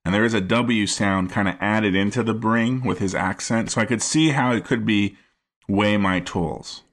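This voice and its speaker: A man co-hosting a podcast about a film, talking in an analytical way and often pausing to search for words. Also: on the low side. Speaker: podcast co-host. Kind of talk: casual film-discussion chat.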